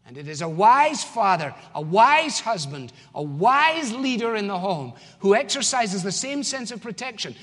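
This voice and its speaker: A man's voice: high voice, big pitch swings, normal speed, hardly any pauses, fairly bright tone, slightly rough. A man with a Scottish accent preaching a sermon as pastor, in an emphatic, conversational way. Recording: long church hall reverb.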